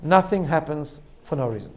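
A man speaks to a congregation in a loose, conversational sermon style. His voice sits a little higher than most men's, and he keeps checking in with his listeners and restarting his phrases. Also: lively intonation, normal speed. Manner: conversational, asks rhetorical "right?", self-corrects and restarts. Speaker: rabbi giving a talk.

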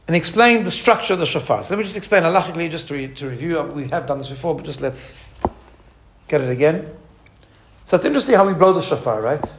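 A man teaching a lively religious lesson. He imitates sounds as he explains and often restarts his phrases. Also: fairly high pitch, fast. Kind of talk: teaching talk.

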